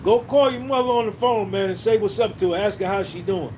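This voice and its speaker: A man's voice: high-pitched, fairly quick, darkish tone, slight background noise. A man hosting a podcast livestream, talking casually and profanely, reminiscing and reading out viewers' names. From New Jersey. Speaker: podcast host.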